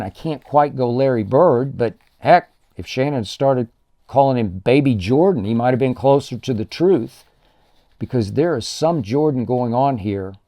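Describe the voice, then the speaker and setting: An older man holds forth alone on his sports show, pressing every point with stacked, punchy superlatives. His voice sits in an unremarkable middle register, with a dark, mellow colour. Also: mid-range voice. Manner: emphatic, builds lists of punchy superlatives. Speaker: sports talk show host. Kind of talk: solo sports commentary monologue.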